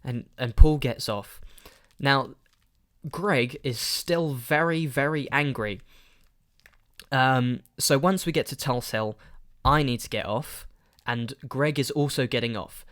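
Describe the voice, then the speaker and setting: A man's voice: medium pitch, slow. A man, casually telling a podcast story with rambling asides and fillers. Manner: rambling, animated, lots of fillers. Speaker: podcast host.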